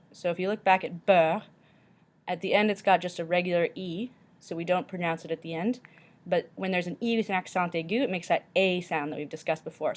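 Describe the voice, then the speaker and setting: A woman teacher slowly walking through a pronunciation lesson, repeating each word carefully. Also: lowish voice.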